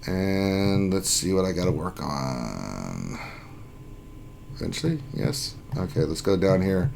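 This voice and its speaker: A man's voice: low voice, animated, slow, vocal fry, darkish tone, slight background noise. A man hosting a casual gaming livestream, reading viewers' names aloud in an upbeat, jokey way. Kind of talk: casual live-stream chat.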